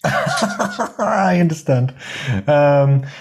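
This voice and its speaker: A man's voice: fairly high pitch, expressive, drawn-out words, a little hiss or hum. A man, a fitness coach hosting a casual podcast chat, candid and laughing often as he swears freely.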